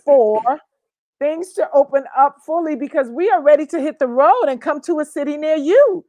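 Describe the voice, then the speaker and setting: Chatty lady cohost, high voice, dry close sound, goes on and on. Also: moderate pace, dry recording. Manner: lively, chatty, talks over others. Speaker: co-host. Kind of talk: casual chat show talk.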